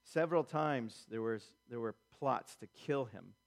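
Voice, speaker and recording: A man's voice: medium pitch, unhurried, vocal fry. A man preaching a sermon, acting out quotes in character and building emphasis through repetition. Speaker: pastor.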